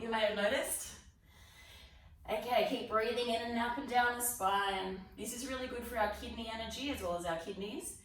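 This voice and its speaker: A woman with an Australian accent leading a yoga class, giving calm step-by-step breathing cues while she demonstrates the moves. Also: medium pitch, a little hiss or hum. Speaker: yoga instructor. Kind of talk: guided exercise class. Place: fitness studio. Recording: very echoey room, mic far off.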